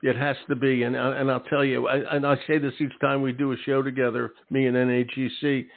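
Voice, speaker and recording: A man's voice: mid-range voice, flat delivery, a little fast, vocal fry. Male talk-radio host, emphatic and chatty, thin phone-line audio. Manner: emphatic, peppers talk with "okay?" and "all right". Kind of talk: casual interview talk.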